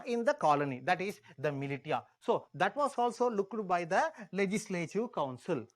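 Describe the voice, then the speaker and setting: Man teaching with Indian English, repeating words. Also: high-pitched. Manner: repeats key words, asks the class questions. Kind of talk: exam-prep history lecture.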